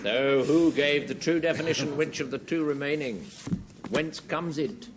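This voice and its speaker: A man hosting a television panel game, brisk and wry as he hands turns to the players. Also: fairly high pitch, a loud crowd, heavy background noise. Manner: wry and brisk, with a lilting delivery. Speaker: quiz host. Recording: 1970s TV studio with audience. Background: studio audience.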